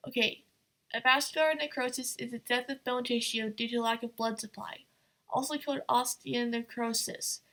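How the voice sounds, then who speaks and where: A woman's voice: fairly high pitch, steady tone, normal speed, pushed and bright, poor audio. A woman chatting offhandedly as she reacts to a video, with casual asides.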